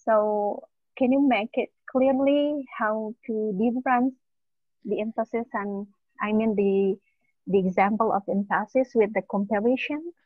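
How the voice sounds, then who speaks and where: A woman's voice: fairly high pitch, measured pace, dry recording. Apologetic female student on a tinny line. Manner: apologetic, hesitant. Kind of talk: asking a question in class.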